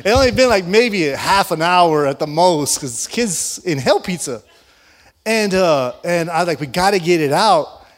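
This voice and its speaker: An animated man telling a story from the pulpit in a fairly high voice. He laughs often and acts out the lines of everyone in the story. His sermon delivery is lively and playful. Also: normal speed. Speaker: pastor.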